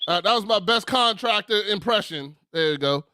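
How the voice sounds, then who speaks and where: A man in casual talk-show banter, teasing playfully and quick to apologize. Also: sits high, expressive, no echo. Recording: loud crowd noise behind.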